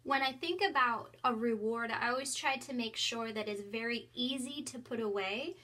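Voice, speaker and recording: Bright, chatty young woman teacher. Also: on the high side, moderate pace. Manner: cheerful and chatty, bursts into squealing acted-out reactions. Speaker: online English teacher. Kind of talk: casual classroom tour vlog. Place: small home classroom in a closet. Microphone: headset.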